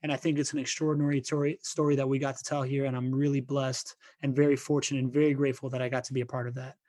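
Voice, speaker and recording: A man's voice: medium pitch, little pitch movement, very fast, darkish tone. A man hosting a podcast interview, enthusiastic and full of stumbling restarts. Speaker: podcast host. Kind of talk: casual interview talk.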